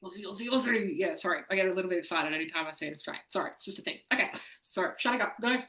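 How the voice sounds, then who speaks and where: A woman hosting an online games night, chatty and excitable. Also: fairly low pitch, rapid-fire, rough recording. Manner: excitable, chatty, laughs often. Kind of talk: casual hosting.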